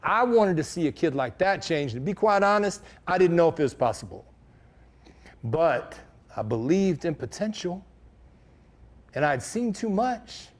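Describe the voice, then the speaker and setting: A man's voice: fairly high pitch, big pitch swings, measured pace. A middle-aged man telling a personal story to an audience in a casual, slangy, conversational way. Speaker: speaker.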